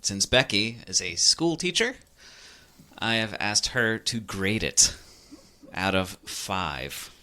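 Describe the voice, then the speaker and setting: Teasing low-voiced podcast host man. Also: animated, pushed and bright. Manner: joking, teasing, quick asides. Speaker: podcast host running a game. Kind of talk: casual podcast banter.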